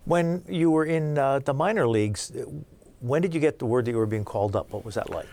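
Quick-talking male interviewer. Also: medium pitch, animated, a little mellow. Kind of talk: interview questions.

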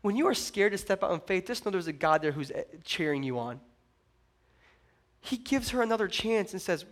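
A young man preaches a sermon with an animated, playful delivery, slipping into little acted-out voices and jokes. His voice sits notably high for a man. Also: normal speed. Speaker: pastor.

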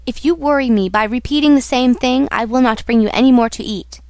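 A woman's voice: a little high, fairly quick, darkish tone, no echo, close to an everyday voice. A woman reading a scolding prison jailer. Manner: dismissive, scolding. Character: gruff middle-aged male jailer, wary. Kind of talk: audiobook reading.

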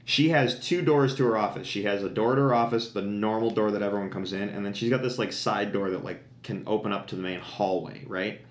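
A man's voice: on the low side, fairly quick, few pauses, roomy sound. A man co-hosting a podcast, chatting casually and enthusiastically, rambling with lots of fillers. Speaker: podcast co-host. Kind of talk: casual chat.

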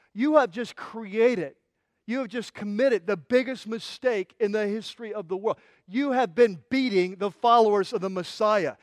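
A man pastor delivers a sermon as vivid, passionate storytelling, tumbling into restarts as he builds a scene. His voice sits high for a man, and the sound is dry and close with no room echo.

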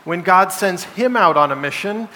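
A man's high, bright and forceful voice carries through a church sanctuary as he preaches at normal speed, expressive and emphatic. As pastor he poses rhetorical questions to the congregation, with long hall reverb and faint background noise in the recording.

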